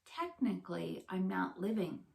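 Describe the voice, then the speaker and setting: A woman voicing a gentle, polite female robot who speaks calmly and matter-of-factly. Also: fairly low pitch, a little slow, gravelly, heavily acted. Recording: roomy echo.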